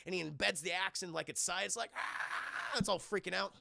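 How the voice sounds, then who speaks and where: A man streaming a casual, profane movie recap to his chat, animated and acting out the characters' lines. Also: high voice, fast talker, gravelly, very noisy. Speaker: streamer and film reviewer.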